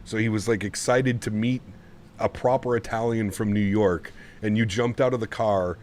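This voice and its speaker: Male flight-sim streamer, low voice, easygoing rambling chatter, faint background hum. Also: fairly even intonation, moderate pace, darkish tone. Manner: chatty, rambling, laughs often. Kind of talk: casual live-stream chat. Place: home sim setup.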